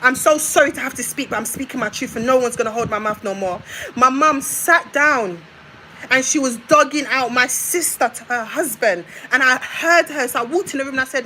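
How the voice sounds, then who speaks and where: Bright-voiced woman, heated rant. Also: high voice, a little fast, a little hiss or hum, rough recording. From United Kingdom. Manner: confrontational, emphatic, repeats her points. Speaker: live streamer. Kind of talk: heated live-stream rant.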